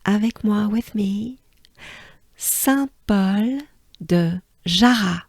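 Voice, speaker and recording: French-accented woman tutor, patient and encouraging, unhurried delivery, dry booth-like sound. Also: medium pitch, darkish tone, no room sound. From France. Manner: drills syllables slowly, patient and encouraging. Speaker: pronunciation teacher. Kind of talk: slow pronunciation lesson.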